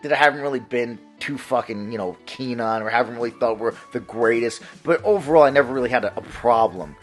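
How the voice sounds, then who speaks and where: A man's voice: medium pitch, fairly quick, soft background music. A man hosting a gaming vlog, ranting in a profane, heated and mocking way. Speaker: gaming channel host.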